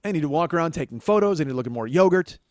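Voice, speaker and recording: A man's voice: on the high side, expressive, very fast. A man hosting a comedy podcast, telling a story as an exasperated, profane monologue. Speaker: podcast host.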